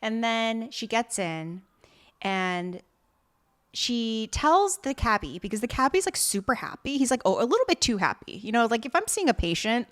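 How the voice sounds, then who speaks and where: A woman's voice: on the high side, big pitch swings, normal speed. A woman co-hosting a podcast, telling a drama's plot in a chatty way and laughing easily. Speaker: podcast co-host. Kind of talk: casual chat recapping a drama.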